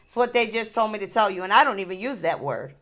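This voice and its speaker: Speaking fast in an expressive, slightly bright mid-range voice, a woman addresses her viewers on her spiritual channel. The vlog is emotional: she laughs between thoughts, repeats herself, and sounds tearful and angry.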